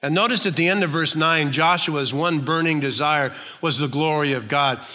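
Earnest preacher man with bright tone. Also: on the high side, normal speed, few pauses, long reverb tail. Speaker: pastor. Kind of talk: sermon.

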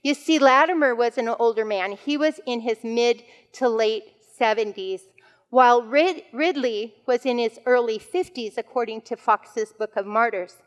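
A woman's voice: on the high side, moderate pace. Woman teaching in a reverberant hall. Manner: conversational storytelling with fillers. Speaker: women's Bible teacher. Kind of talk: devotional teaching talk.

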